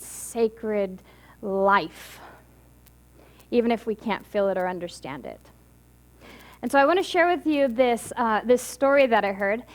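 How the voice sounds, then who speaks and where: A woman minister giving a Sunday talk, telling a story in a chatty, halting way with many restarts. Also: a little high. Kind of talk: sermon with storytelling.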